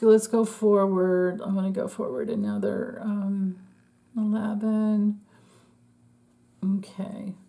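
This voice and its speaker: A woman's voice: mid-range voice, warm tone. A woman astrologer giving a casual, chatty forecast, laughing often and trailing off mid-thought.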